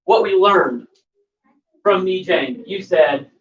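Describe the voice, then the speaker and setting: A woman's voice: on the low side, expressive, slow, highs cut off. A woman teacher leading young children through a lesson, patiently prompting and repeating her questions. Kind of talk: classroom instruction to young children.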